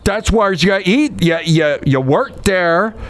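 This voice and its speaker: A man's voice: high voice, animated, slow pace, voice pushed up. A man voicing a blustering, indignant older male conservative talk-show host who rambles.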